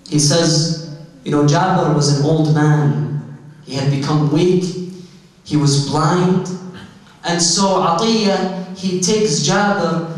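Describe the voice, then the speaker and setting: A man delivers a sermon in a high, steady voice that rises into an impassioned lament. His words ring through a very echoey hall, and he sounds set back from the microphone. The delivery is measured, with long pauses between phrases. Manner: rising to an impassioned, lamenting cry. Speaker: speaker at a mourning gathering. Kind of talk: sermon, recounting a religious narrative. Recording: echoey hall, distant mic.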